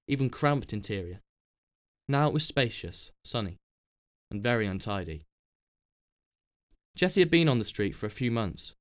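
A man narrating a novel in a measured, even storytelling manner. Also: medium pitch, clean tone. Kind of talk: scripted narration.

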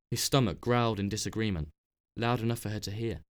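A man narrating a novel in a measured, even storytelling manner. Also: lowish voice. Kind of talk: scripted narration.

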